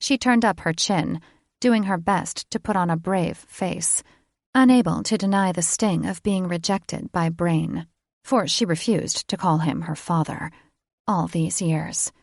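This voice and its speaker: Brief: woman audiobook narrator, lowish voice with vocal fry, measured storytelling. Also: no echo, clean studio sound. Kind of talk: scripted narration.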